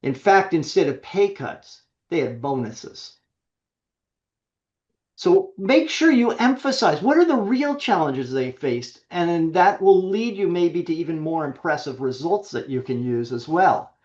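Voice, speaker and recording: A man coaching an online webinar audience, lively and emphatic, often restarting his sentences. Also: on the high side, measured pace, muffled recording. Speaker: webinar presenter. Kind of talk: coaching talk with worked examples.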